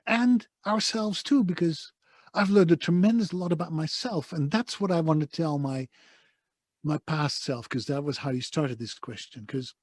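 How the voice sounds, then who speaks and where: Man, Dutch accent, husky, fairly high voice, emphatic storyteller, dry studio sound. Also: no room sound. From Netherlands. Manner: passionate, emphatic, vivid storyteller. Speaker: voice-over artist guest. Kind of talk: conversational interview storytelling. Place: soundproof home studio booth.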